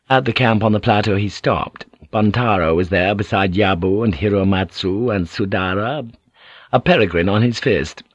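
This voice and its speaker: A man narrating an audiobook in a steady, measured storytelling manner. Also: fairly low pitch, dry recording, dull audio. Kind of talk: scripted narration.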